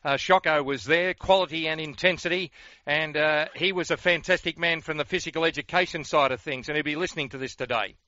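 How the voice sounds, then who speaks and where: An Australian man hosts a radio interview and leads his guest with reminiscing questions. His voice is bright and forceful, a little high. The sound is dry and lo-fi. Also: brisk, dry recording. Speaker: radio host.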